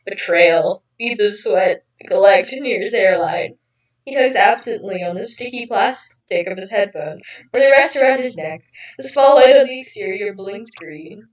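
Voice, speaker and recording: A woman's voice: mid-range voice, moderate pace, reverberant, far from the mic, poor audio. A woman casually reading fan fiction aloud with a friend, giggly and stumbling over the words, heard from slightly off the mic.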